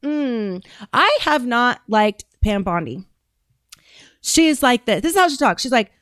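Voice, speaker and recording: A woman's voice: a little high, big pitch swings, unhurried, fairly bright tone, no room sound. A woman hosting a casual political commentary podcast, talking bluntly and rambling, with frequent restarts. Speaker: podcast host and political candidate.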